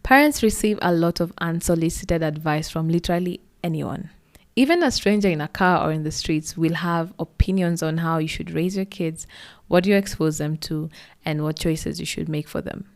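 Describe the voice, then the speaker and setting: Give me a woman hosting a podcast with a lowish voice, reading her linking narration at an even, measured pace. She sounds composed and prepared. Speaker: podcast host. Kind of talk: scripted narration.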